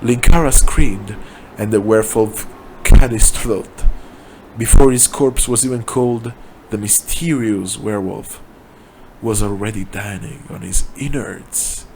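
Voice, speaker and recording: A man reading his own comic story aloud in a deadpan narrating voice. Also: lowish voice, unhurried, vocal fry, slight background noise.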